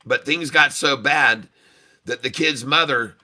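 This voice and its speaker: A man's voice: medium pitch, a little slow, pushed and bright. A man hosting a trading livestream and telling a bawdy joke in a folksy, chuckling way. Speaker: day-trading livestream host.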